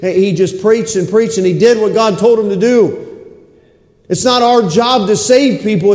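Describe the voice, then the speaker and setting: A fervent man preaching, his voice high but mellow and dark in tone. He circles back over his phrases and sometimes drops to a near hush. The sound rings out with a long reverb through a large church sanctuary. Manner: impassioned, repeats phrases, drops to a low hush. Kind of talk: sermon. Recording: echoey hall with long reverb.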